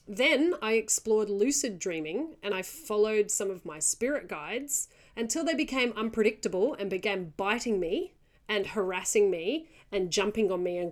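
A woman co-hosting a podcast in casual chat, reading listener stories aloud and often breaking into giggles. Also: medium pitch. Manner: giggly, chatty, digresses. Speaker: podcast co-host.

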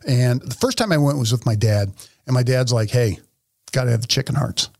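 A man co-hosting a casual podcast from an office, talking bluntly with plenty of profanity and animated storytelling. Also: medium pitch, a little fast, vocal fry, no room sound, studio quality. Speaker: podcast co-host. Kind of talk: casual opinionated chat. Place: office studio.

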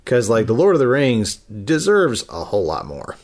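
A man's voice: mid-range voice, wildly swooping pitch, moderate pace. A man on a casual podcast panel, speaking hesitantly with many restarts. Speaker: podcast co-host. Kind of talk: casual group chat.

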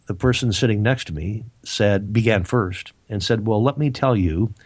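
A man telling a personal story on a podcast, halting and repeating himself, with self-deprecating humor. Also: fairly low pitch, a little mellow, breathy edge. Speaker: author and speaker, regular guest. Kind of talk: casual storytelling.

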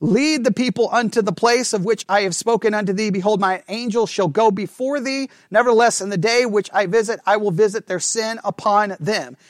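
A man preaching a sermon, asking the congregation questions and swinging between fervent emphasis and hushed asides. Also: high-pitched, no echo, clean studio sound. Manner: animated preaching, rhetorical questions, drops to a hush for asides. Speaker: pastor.

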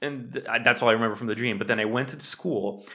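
A man's voice: medium pitch, fast talker, sharp tone. A young man co-hosting a casual podcast, telling a rambling story, swearing freely and acting out what people said. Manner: rambling storyteller, swears often, acts out quoted lines. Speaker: podcast co-host. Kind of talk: casual chat.

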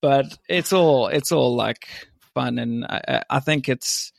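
A man's voice: medium pitch, measured pace, creaky, dry recording, clean studio sound. A young man from South Africa, a podcast guest telling stories in a laid-back, chatty way with frequent laughs. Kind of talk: casual chat.

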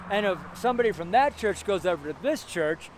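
A man's voice: high voice, lively intonation, fairly quick. A man preaching as a street minister, earnest and rambling, repeating his points as he exhorts. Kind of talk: street sermon. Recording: noisy outdoor street recording with cars. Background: passing cars and urban street noise.

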